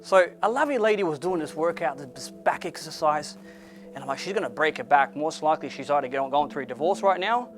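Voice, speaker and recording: A man, not an English speaker, telling a blunt, animated motivational story to an audience. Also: fast talker, soft background music. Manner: animated, swings loud and excited to low and quiet; blunt with occasional swearing.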